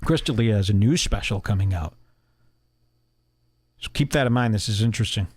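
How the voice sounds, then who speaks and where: A man's voice: lowish voice, fairly quick, heavy background noise. A man hosting a podcast, ranting casually with a mocking, profane edge. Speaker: podcast host.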